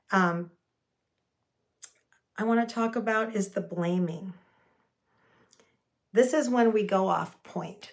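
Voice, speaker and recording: A woman's voice: medium pitch, gravelly. A woman teaching communication skills in an earnest, spoken lesson, acting out short example phrases as she goes. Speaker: communication coach.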